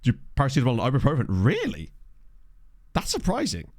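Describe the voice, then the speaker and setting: Male streamer, casual and joking, mid pitch, animated delivery. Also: fairly quick. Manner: rambling, self-deprecating banter with chat. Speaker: gaming streamer. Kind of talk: casual chat over a game. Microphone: desk condenser microphone.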